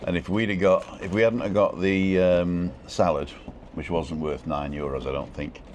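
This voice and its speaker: A man's voice: sits low, fairly even intonation, normal speed, a little mellow, a little hiss or hum. A man hosting a casual live stream, rambling about food and reading viewer comments aloud. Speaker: vlog host. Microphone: own microphone.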